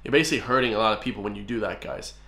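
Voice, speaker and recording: An Irish man hosting a music reaction, excitable and chatty, who keeps calling out to the guys. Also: fairly low pitch, rapid-fire, gravelly, roomy sound. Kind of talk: casual reaction commentary.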